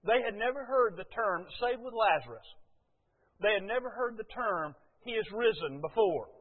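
An older man, preaching a folksy, storytelling sermon to his church with many short pauses and fillers. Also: high voice, animated. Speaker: pastor. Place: church sanctuary. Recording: phone-like sound with long hall reverb.

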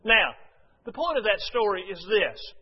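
High-voiced preacher man in a reverberant hall. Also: sing-song, measured pace, breathy edge. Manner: storytelling with frequent "uh" fillers; addresses the congregation directly. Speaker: pastor. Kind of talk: sermon. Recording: dull, reverberant hall recording.

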